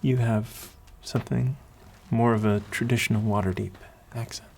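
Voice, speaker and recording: A man narrating a tabletop game as game master, telling the scene in a deliberate storytelling way. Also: mid-range voice, steady tone, gravelly, a little mellow, a little hiss or hum.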